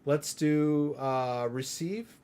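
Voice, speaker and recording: A man from the United States runs a casual live crypto Q&A. He rambles through a screen demo and keeps asking "right?". His voice sits a little high for a man. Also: extremely slow, darkish tone, clean tone. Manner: chatty, rambling, asks "right?" often. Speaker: crypto livestream host.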